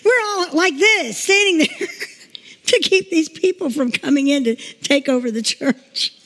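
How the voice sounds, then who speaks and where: A woman's voice: high-pitched, expressive, a little slow, fairly bright tone. A woman pastor giving a chatty, emotional sermon, telling stories and laughing along the way. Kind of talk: informal sermon with storytelling. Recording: long reverb in a large room.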